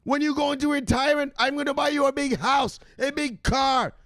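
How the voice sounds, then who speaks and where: A man putting on a frantic, over-the-top voice of a grown son shouting excitedly to his mother, in a shrill and repetitive way. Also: fairly quick, dry recording. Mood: ecstatic.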